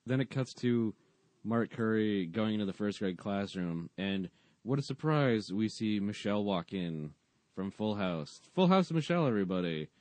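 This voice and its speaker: A low-pitched man with a dark, mellow tone talks casually on a podcast, retelling a TV episode with dry, mocking sarcasm. The sound is close and dry, with no room around it. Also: unhurried, dry recording. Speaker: podcast co-host. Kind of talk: casual chat recapping a sitcom episode.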